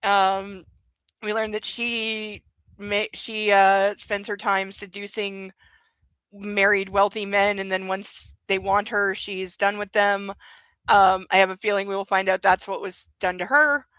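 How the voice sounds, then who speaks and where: Woman, book club host, bright forceful tone, casual rambling chat, dry close mic. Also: mid-range voice, flat delivery, unhurried, clean tone, no echo, rough recording. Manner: chatty, full of ums and likes.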